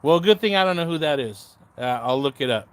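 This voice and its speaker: A man with a fairly high, expressive voice that is clear and resonant talks fairly quickly while hosting a casual livestream. He rambles sarcastically to commenters, swears freely, and often loses his train of thought.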